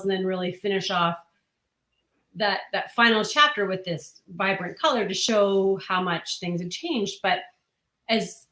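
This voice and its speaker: A woman's voice: medium pitch, fairly bright tone. Earnest woman writer in an echoey room. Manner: earnest, explains at length with many restarts. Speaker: comic book writer. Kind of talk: interview answers.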